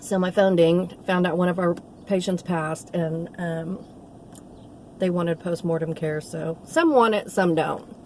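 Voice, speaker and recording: A woman's voice: on the low side, unhurried, darkish tone, slight background noise. A middle-aged woman, a nursing assistant telling a rambling, heartfelt story in a casual vlog. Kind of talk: casual talking-to-camera vlog.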